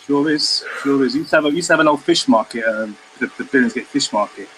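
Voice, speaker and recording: A Welsh-accented man joins a live stream over a call microphone and talks in a halting way, often repeating words as he gathers his thoughts. His pitch sits in the ordinary middle range for a man. A faint hiss of noise sits underneath his voice. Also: a bit bright, rough recording. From Britain. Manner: halting, repeats words while searching for phrasing. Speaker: caller guest. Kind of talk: casual chat on a live stream. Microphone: remote call microphone.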